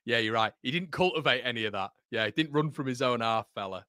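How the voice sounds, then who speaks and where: Excitable football fan commentating live. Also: male voice, medium pitch, quick pace, no echo, clean studio sound. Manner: excitable, bantering with the live chat. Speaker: live watchalong host.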